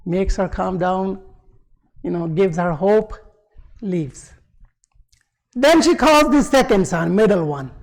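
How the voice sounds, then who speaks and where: Male preacher doing a story sermon, chatty w/ lots of asides, really high voice for a guy. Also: rough recording. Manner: conversational, with frequent asides. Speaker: religious preacher.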